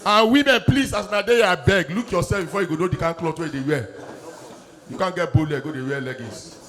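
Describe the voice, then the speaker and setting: Nigerian pidgin standup guy, high-ish voice, loud, acting everything out. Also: fast. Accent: Nigerian Pidgin English. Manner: animated, loud, acting out bits. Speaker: stand-up comedian. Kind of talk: stand-up comedy set.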